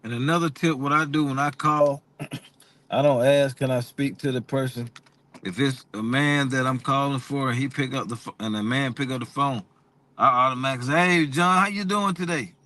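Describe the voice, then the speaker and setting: A man's voice: medium pitch, steady tone, normal speed, fairly bright tone. A man co-hosting a casual live chat, giving cold calling tips in a laid-back, joking way.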